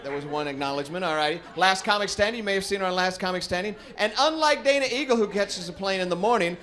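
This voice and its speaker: Guy emceeing a comedy show, talks quick, highish voice, lots of uhs. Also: fairly bright tone. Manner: hurried, filler-heavy intro. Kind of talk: introducing the next comic.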